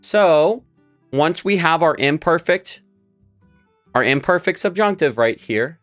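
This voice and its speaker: A man's voice: fairly high pitch, lively intonation, takes it slowly, a bit bright, soft background music. A young man teaching a live Spanish lesson, explaining verb forms step by step while writing on a board. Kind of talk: live-streamed language lesson.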